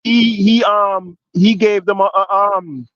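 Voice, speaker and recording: A man with a Jamaican accent, talking politics on a podcast with a slightly high voice. He asks long rambling questions, restarts his sentences and keeps checking in with "right?". The dry, dull, lo-fi sound carries him as he builds up heat. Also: fairly even intonation, takes it slowly, no echo. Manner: grows louder and more forceful when passionate. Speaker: podcast co-host. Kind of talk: heated political discussion.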